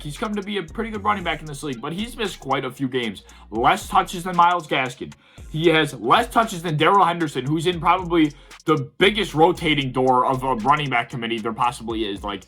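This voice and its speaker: In a fairly high, sharp voice, a young sports video host delivers a heated, profanity-laced rant, growing exasperated again and again.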